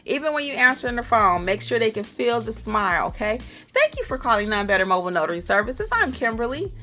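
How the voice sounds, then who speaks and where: A woman's voice: fairly high pitch, quick pace. A woman hosting a notary training channel, giving upbeat how-to tips in a chatty style and acting out short exchanges with clients. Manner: chatty, animated, acts out little client dialogues. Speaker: notary educator and channel host.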